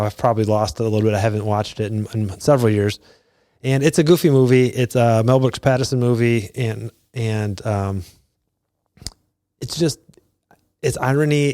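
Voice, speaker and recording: A man in his forties hosting a podcast, talking casually and retelling scenes in bursts of higher pitch. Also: a little mellow, no room sound, studio quality. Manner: conversational, retells scenes with quick pitch jumps. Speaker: podcast host. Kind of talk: casual solo talk.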